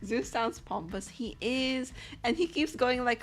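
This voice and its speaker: A woman's voice: on the high side, big pitch swings, moderate pace, faint music behind. A young woman chatting casually on a live stream, rambling and giggling, full of "like".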